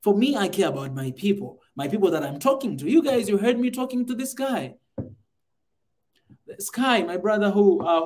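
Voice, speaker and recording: A man's voice: high voice, a little mellow. A man, speaking fervently on a podcast and repeating phrases for emphasis. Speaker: podcast host. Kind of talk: impassioned podcast monologue.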